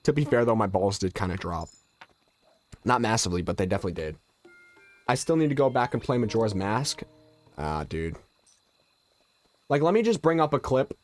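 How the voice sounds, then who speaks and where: A man's voice: on the low side, big pitch swings, normal speed, long pauses, faint music behind. A man streaming a game and casually chatting with his viewers, with a stuffy, nasal voice from allergies and a loose, joking manner. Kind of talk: casual live-stream chat, answering viewers.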